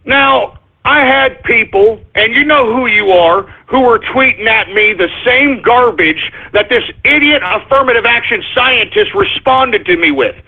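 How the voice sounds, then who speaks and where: A man's voice: extremely high pitch, expressive, unhurried. A man hosting a talk radio show, ranting in a combative, sarcastic and repetitive way. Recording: tinny phone-like lo-fi audio.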